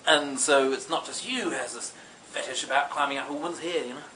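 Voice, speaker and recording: A man's voice: medium pitch, a little fast, pushed and bright, a little hiss or hum, rough recording. A man telling a comedic story in a meandering way, full of ums and asides. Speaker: comic storyteller.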